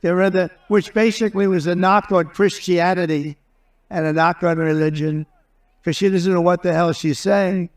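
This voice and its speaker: A man's voice: high voice, steady tone, normal speed. A man delivering an off-the-cuff political rally speech, combative and rambling, with phrases repeated again and again. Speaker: political candidate.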